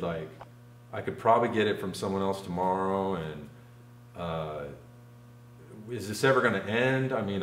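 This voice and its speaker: Rambling man, low voice, echoey room. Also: slight background noise. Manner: rambling, filler-heavy, frequent "like". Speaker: podcast guest telling a story. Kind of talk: casual storytelling.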